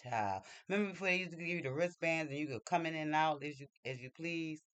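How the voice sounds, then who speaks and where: Bright-voiced man telling a story. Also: on the high side, fast, dry recording. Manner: animated, chatty, acts out quotes. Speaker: vlogger. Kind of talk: casual storytelling.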